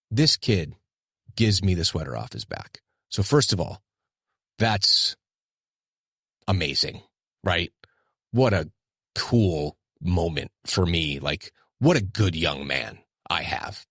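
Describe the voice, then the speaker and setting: A man's voice: sits low, expressive, takes it slowly, pauses often, a bit bright, husky, no echo, clean studio sound. A middle-aged man hosting his own podcast, talking candidly and self-deprecatingly in a rambling casual monologue. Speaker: podcast host.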